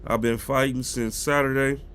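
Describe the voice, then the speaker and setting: A man's voice: mid-range voice, steady tone, normal speed, fairly bright tone, clean tone. A man with a cold and a stuffy nose, chatting casually with his live-stream viewers about football news. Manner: chatty, greets chat viewers directly.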